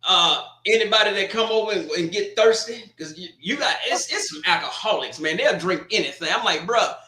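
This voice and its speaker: A man talks casually about college football, joking with a laid-back ease and many restarts. His voice sits high and sounds bright. The room gives it a noticeable echo. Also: lively intonation, a little fast. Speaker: co-host. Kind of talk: casual sports chat.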